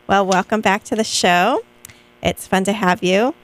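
A woman's voice: mid-range voice, slight background noise, low-quality recording. A woman hosting a radio talk show, interviewing a guest and searching for words as she frames her questions. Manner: halting, restarts while framing questions. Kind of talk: casual interview.

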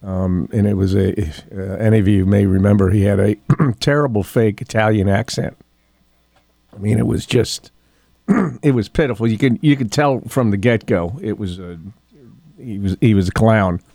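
Low, mellow-voiced older man hosting talk radio. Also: normal speed, dry recording. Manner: folksy, rambling, with frequent ums and throat clearing. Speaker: radio talk show host. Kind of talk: casual talk radio monologue. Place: radio studio.

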